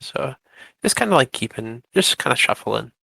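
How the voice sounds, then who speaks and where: Man, tabletop role-play, earnest, halting, gravelly, bright, dry close mic. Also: medium pitch, big pitch swings, no echo, rough recording. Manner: earnest, halting, polite, many restarts. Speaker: player character voice.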